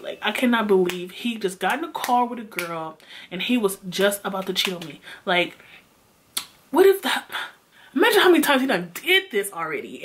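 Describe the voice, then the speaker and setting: A young woman vlogger retelling a personal story in an animated, emphatic way, swearing often. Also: a little high. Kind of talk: storytime vlog.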